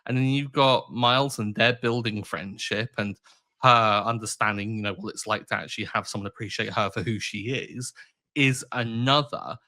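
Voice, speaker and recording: A man's voice: fairly low pitch, normal speed, sharp tone, no room sound, studio quality. A man co-hosting a podcast, chatting casually and giving teasing, opinionated takes on a film. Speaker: podcast co-host. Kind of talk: casual chat.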